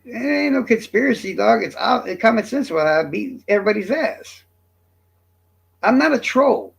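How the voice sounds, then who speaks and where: A man in his fifties ranting to his stream chat in a profane, cocky, combative way. His voice sits high for a man and swings widely as he taunts and brags. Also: lively intonation, moderate pace, gravelly. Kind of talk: livestream rant to chat.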